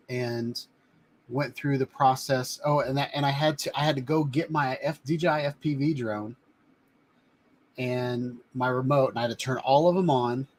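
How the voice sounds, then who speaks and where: A man hosting a casual live stream from a home studio, chatting in a rambling way as he shows items to the camera. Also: medium pitch. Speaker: live-stream host reviewing drones.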